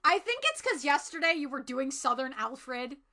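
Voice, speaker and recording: A woman's voice: high-pitched, very animated, moderate pace, sharp tone. A young woman co-hosting a game let's play, giggling a lot and gushing over the characters. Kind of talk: casual gaming chat.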